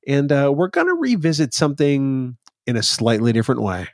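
A man's voice: mid-range voice, huge pitch swings, fairly quick, a little mellow, no room sound, clean studio sound. A man co-hosting a podcast in casual chat, teasing his partner and laughing often. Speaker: podcast co-host.

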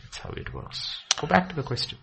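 A man teaching from the Bible with passion, dropping to hushed near-whispers and then rising to loud, excited bursts. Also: a little high, fairly quick, creaky, a little hiss or hum. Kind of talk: impassioned preaching in conversation.

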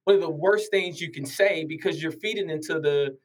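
A man speaking thoughtfully and in a measured way as a guest in a casual chat. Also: a little high, rough recording.

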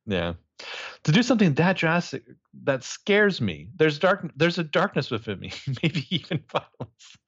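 Animated man recapping a show in a dry, dull recording. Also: a little high, unhurried, slightly rough, dry recording. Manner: animated, acts out characters' lines with profanity. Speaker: podcast co-host recapping a TV episode. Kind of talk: casual chat.

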